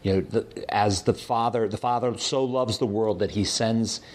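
A man teaching a Bible class, lecturing in a measured, explanatory way in a classroom. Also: fairly low pitch, steady tone.

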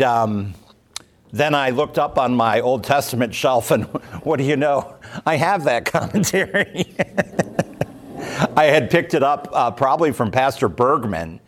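A man leading a Bible class as pastor, talking it through slowly with many pauses, ums and restarts. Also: medium pitch. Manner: slow, thoughtful, many fillers and restarts. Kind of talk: unscripted Bible class teaching.

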